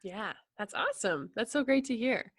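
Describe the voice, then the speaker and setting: A woman's voice: fairly high pitch, expressive, moderate pace, breathy edge, dry recording, studio quality. Bubbly Canadian woman hosting a video chat. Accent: Albertan Canadian. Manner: laughs often, bubbly. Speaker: podcast host and musician. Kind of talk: casual chat over video call. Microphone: video call.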